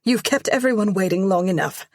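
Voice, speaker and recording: A woman's voice: mid-range voice, brisk, darkish tone, no room sound, studio quality, lightly acted. A woman voicing a haughty wealthy mother who scolds in short, clipped commands. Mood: scolding.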